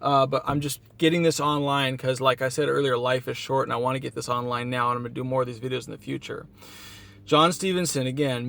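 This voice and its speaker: A man's voice: mid-range voice, steady tone, fast talker, creaky, fairly bright tone. A sleep-deprived man giving a casual motivational talk on a one-take vlog, earnest and rambling, psyching himself up. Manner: earnest, self-hyping, rambling with restarts. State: tired from no sleep. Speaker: motivational vlogger. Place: outdoors at a beach town. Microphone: camera mic.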